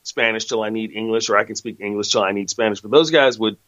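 A man's voice: on the low side, fast, fairly bright tone, no echo. A man casually talking through a long story, rambling, chatty and correcting himself as he goes. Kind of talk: casual monologue. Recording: dull lo-fi sound.

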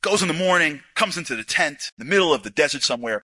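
A man telling a story to an audience, animated, acting out dialogue with casual asides. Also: a little high, fast talker, no room sound. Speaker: speaker. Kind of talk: storytelling talk.

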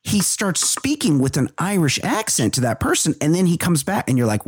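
A man's voice: fairly high pitch, fairly quick, breathy edge, dry recording, clean studio sound. A man co-hosting a casual comedy podcast, rambling and profane as he riffs. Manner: rambling, profane, animated riffing. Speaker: podcast co-host.

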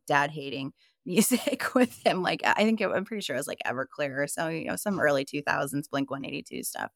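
A woman's voice: low-pitched, creaky, a bit bright, no room sound, clean studio sound. A woman from Iowa, a podcast guest, telling her personal story in a candid, emphatic way and swearing freely.

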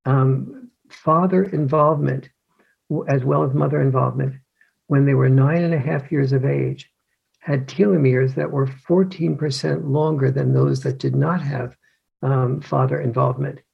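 A man's voice: medium pitch, fairly even intonation, normal speed, creaky, husky, muffled recording. An older man, an author and guest, explaining in a conversational way with many restarts and acted-out scenes. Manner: hesitant, full of restarts, acts out scenes.

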